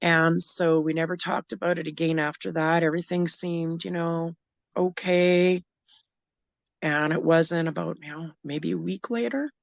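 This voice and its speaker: A middle-aged woman recounting a frightening personal story as an interview guest, halting and emotional, often restarting her sentences. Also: lowish voice, steady tone, vocal fry, dry recording, dull audio.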